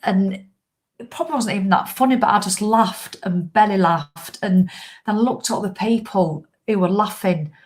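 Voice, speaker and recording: A woman's voice: mid-range voice, normal speed. Middle-aged woman on a live video, fitness coach, swears a lot, blunt and fired up. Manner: blunt, heavy swearing, impassioned. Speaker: fitness coach selling her course. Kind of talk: casual live video chat to followers.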